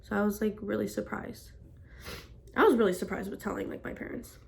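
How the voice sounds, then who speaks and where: A woman's voice: mid-range voice, steady tone, brisk, creaky, a little mellow, slight background noise. A young woman telling a personal story in a casual vlog, rambling with constant "like" fillers. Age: young adult. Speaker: vlogger.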